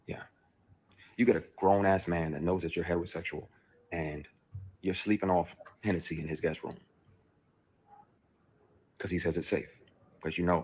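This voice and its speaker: A man's voice: low-pitched, slightly rough. A man, an actor, bluntly and emotionally recounting a personal ordeal, with profanity. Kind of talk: played clip of a personal account.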